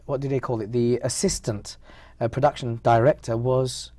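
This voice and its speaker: A man with an English accent telling stories from his stage career in a relaxed, self-mocking way. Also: mid-range voice, moderate pace, no echo. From United Kingdom. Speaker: stage performer and guest. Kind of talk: casual interview chat.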